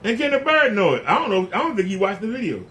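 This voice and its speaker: In a casual, indignant rant on his own YouTube channel, a man keeps throwing out rhetorical questions to the camera. His voice sits high and sounds sing-song and sharp, moving at a quick pace.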